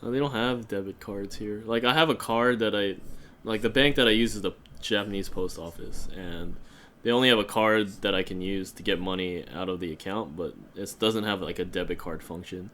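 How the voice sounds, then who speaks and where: A man's voice: fairly low pitch, fairly quick, slight background noise. Rambling casual man on a podcast. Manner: rambling, many "like" fillers, animated storytelling. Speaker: podcast co-host. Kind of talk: casual chat. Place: home in Japan.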